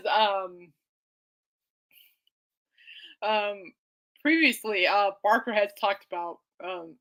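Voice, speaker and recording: A podcast host with a bright, pushed, mid-range voice rambles in casual chat. She giggles and reacts to listener comments.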